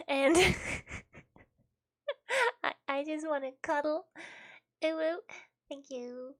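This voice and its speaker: A woman's voice: high-pitched, steady tone, extremely slow, a bit bright, exaggerated voice. A streamer woman voicing a gushing young valley-girl superfan who stammers and rambles. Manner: breathless rambling with stammered restarts.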